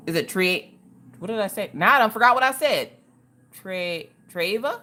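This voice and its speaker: Woman, livestream host, chatty and casual, very lively pitch, calls out viewers by name. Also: moderate pace, a little hiss or hum. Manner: animated, greets viewers in the chat by name. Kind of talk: casual livestream chat while crafting.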